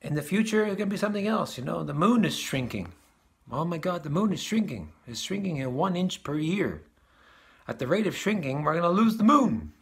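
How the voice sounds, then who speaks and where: Male spiritual teacher, casual talk, slightly high voice, repeats phrases, chuckles often. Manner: repeats and restarts phrases, chuckles at his own points.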